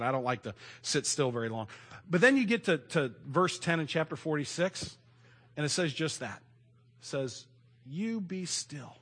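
A middle-aged man preaching a sermon in a conversational way, moving between loud emphasis and hushed asides. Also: fairly high pitch. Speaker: pastor.

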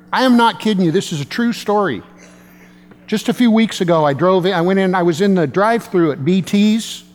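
A man's voice: high voice, big-room sound. A male pastor preaching a sermon in a conversational way, with self-deprecating humor.

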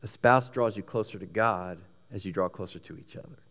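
A man with a Texan accent preaching a sermon, emphatic and animated, swinging between loud peaks and hushed lines. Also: fairly low pitch, a little fast, long reverb tail. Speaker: pastor.

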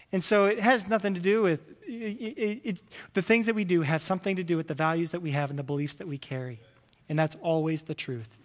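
A man preaching a sermon as a pastor, animated and acting out comic voices, a father of several kids. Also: high voice, in a large hall. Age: adult with children. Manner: animated, acts out voices with loud comic bursts.

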